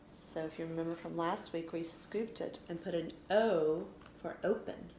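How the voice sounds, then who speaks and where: A woman teacher giving a recorded phonics lesson for children, sounding out letters slowly and clearly. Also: fairly low pitch, fairly even intonation, a little mellow. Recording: echoey room with faint noise.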